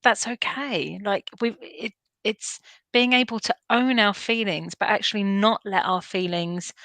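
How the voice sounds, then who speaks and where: This is a woman talking in an earnest, animated way, often restarting her sentences and laughing at herself. Her voice sits in a middle pitch. The sound is dry and close, with no room echo. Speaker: guest, veterinary nurse and canine behaviourist. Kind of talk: informal conversational interview.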